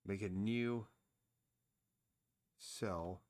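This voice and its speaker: Brief: low-pitched man, drawing on a live stream, slow and musing, talks to himself as he works. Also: a little mellow. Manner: slow, thinking aloud, mumbling to himself. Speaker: comic artist streaming his drawing. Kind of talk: casual live-stream narration while drawing.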